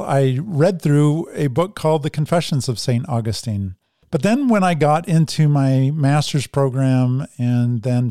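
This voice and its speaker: A man with a mellow, warm voice gives a conversational Bible lesson. He explains a passage and reads from articles along the way. The recording is dry and close. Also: mid-range voice, no room sound. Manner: conversational lecturing, reads quotes aloud. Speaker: Bible teacher. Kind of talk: teaching talk on scripture.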